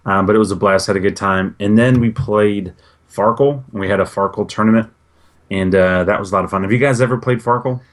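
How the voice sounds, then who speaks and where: A man's voice: lowish voice, a little fast. A man co-hosting a gaming podcast, telling stories in an easygoing, rambling way. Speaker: podcast co-host. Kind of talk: casual chat.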